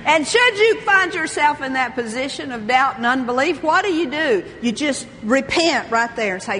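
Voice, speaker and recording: A woman's voice: high voice, lively intonation, moderate pace, hardly any pauses, a bit bright, big-room sound, slight background noise. An older woman preaching a sermon with fervour, reading scripture aloud and calling out praise. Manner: fervent, reads scripture aloud, exclamations of praise.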